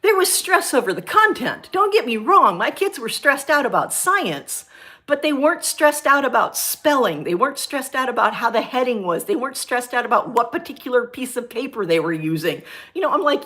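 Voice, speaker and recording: A middle-aged woman, a former science teacher, chatting on her livestream and telling a story from her school days in an animated, ranting way. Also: normal speed. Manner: animated, ranting storyteller with big pitch jumps. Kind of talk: casual chat on a livestream.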